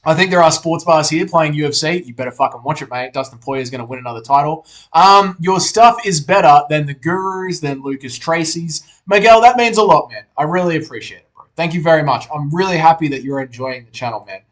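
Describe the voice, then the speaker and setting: A young man with an Australian accent chats through a live stream at his computer, slightly high in pitch. His talk is loose and laid-back, full of banter and swearing as he answers chat. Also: fairly quick. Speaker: livestream host reading chat.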